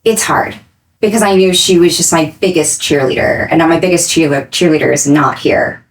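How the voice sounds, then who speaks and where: A young adult woman speaking as a podcast guest, earnest and reflective, rushing some phrases and slowing on others. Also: sits low, poor audio. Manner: earnest and reflective, quick bursts between slow phrases. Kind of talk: candid interview talk.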